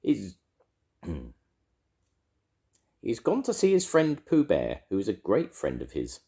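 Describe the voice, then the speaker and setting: A man's voice: lowish voice, wildly swooping pitch, slow, creaky, warm tone, voice pushed up, exaggerated voice. An older man voicing a fussy, cautious male rabbit in a storybook, prim and a little stern.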